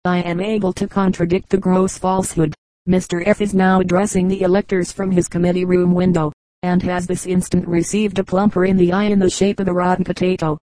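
A woman reading a comic periodical aloud as an audiobook, in a measured, even manner. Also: on the low side, dry recording, low-quality recording. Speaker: audiobook reader.

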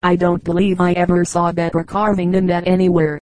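A woman reading the lines of a kind young man in a gentle, reassuring storybook voice. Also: on the low side, little pitch movement, a little fast, no room sound, lightly acted.

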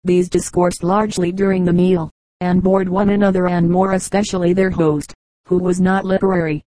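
A woman reading short humorous anecdotes aloud as an audiobook, in an even, measured storytelling manner. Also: fairly low pitch, no room sound, poor audio. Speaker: audiobook reader.

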